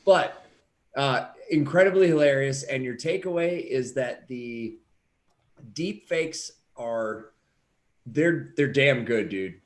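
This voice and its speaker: A man co-hosting a podcast in casual chat, excitable and teasing, with a fair bit of swearing. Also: medium pitch, takes it slowly. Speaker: podcast co-host.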